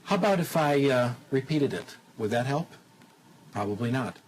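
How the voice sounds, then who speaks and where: A man gives a lecture to a television audience in an even, mid-pitched voice. He teaches in a lively, demonstrative way, firing off rhetorical questions and slipping into simple, slow German to make his point. A faint hum runs behind him. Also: poor audio. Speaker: lecturer on language acquisition.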